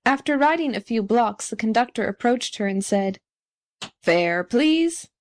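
A woman reads a children's story aloud in an even, clear storytelling voice. Her voice sits a bit high. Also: moderate pace. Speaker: narrator. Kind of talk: storybook audiobook reading.

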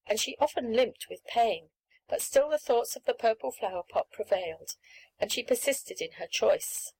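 A woman narrating a classic children's story in a clear, even, unhurried reading. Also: medium pitch, poor audio.

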